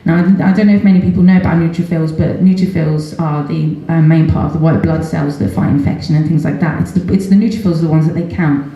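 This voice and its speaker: Middle-aged woman, candid storyteller, warm low voice, booming echoey hall. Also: fairly even intonation, fast talker, few pauses, lo-fi sound. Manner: earnest and candid, with nervous laughs and many ums. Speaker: seminar speaker, mother of patient. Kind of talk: personal story told in a public talk. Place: large event hall at a festival seminar.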